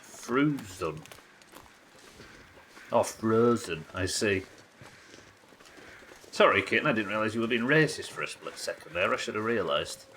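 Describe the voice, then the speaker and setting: A man's voice: fairly low pitch, normal speed, pushed and bright, slight background noise, poor audio. A man from the United Kingdom chatting and joking casually while streaming a survival game, swearing now and then. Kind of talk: casual gameplay commentary.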